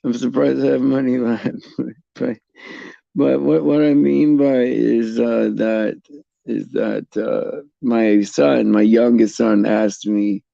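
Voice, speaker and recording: Man, middle-aged, very gravelly, slow, halting restarts, dry dull recording. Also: medium pitch, fairly even intonation, dry recording. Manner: halting, repeats words, many restarts. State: tearful at times. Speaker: host. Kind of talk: casual faith talk to viewers.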